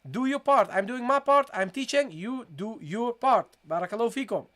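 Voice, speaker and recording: A Quran recitation teacher giving a live online lesson, who repeats each point, keeps addressing the audience as "guys" and slowly models syllables for students to copy. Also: mid-range voice, expressive, fairly bright tone. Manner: asks for chat responses, encouraging.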